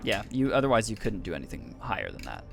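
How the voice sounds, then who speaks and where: A man narrating as game master of an online tabletop game, relaxed, with frequent fillers and throat clearing. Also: on the low side, fast, soft background music.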